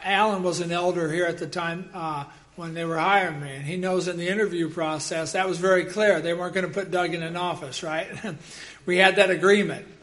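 A man preaching a sermon as pastor, telling personal stories in a lively way and bursting into loud acted quotes. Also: sits high.

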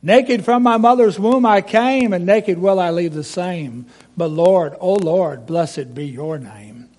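A man's voice: sits high, slow, darkish tone. A man voicing Job, anguished and pleading. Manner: rhymed lament, pleading.

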